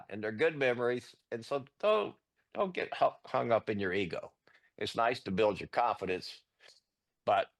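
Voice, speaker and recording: Low-voiced man telling rambling stories. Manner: animated, rambling with many restarts. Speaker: guest artist. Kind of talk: casual interview storytelling.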